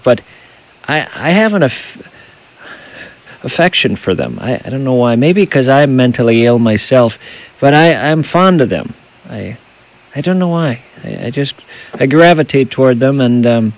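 A man hosting a late-night call-in radio show, talking in a rambling, halting, self-deprecating way. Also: mid-range voice, low-quality recording. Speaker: radio talk show host.

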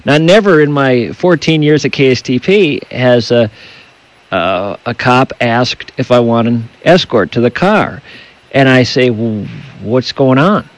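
A man hosting a late-night call-in radio show, talking in a rambling, halting, self-deprecating way. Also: medium pitch, lively intonation, low-quality recording. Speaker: radio talk show host.

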